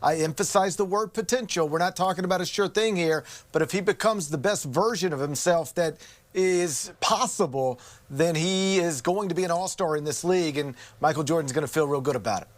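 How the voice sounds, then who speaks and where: A man's voice: on the high side, fairly quick. A man giving confident, assertive basketball analysis. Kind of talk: sports analysis.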